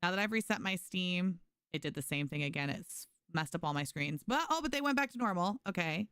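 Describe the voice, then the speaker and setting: A woman's voice: on the low side, fairly quick, clear, resonant tone, dry recording, clean studio sound. A young woman streaming a game, chatting casually with her viewers and thanking them. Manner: chatty, animated, reads chat aloud and thanks viewers. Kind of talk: casual livestream gaming chat.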